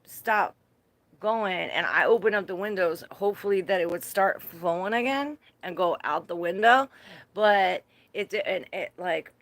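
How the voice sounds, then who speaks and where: A woman's voice: fairly low pitch, measured pace, fairly bright tone, no room sound. A woman giving a casual live tarot reading, chatty and laughing often, cursing freely as she talks to her viewers. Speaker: tarot reader.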